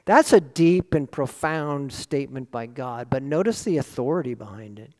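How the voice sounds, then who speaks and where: A man preaching a sermon in an earnest, lively way, often asking rhetorical questions. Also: medium pitch, normal speed. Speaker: pastor. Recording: long reverb of a large hall.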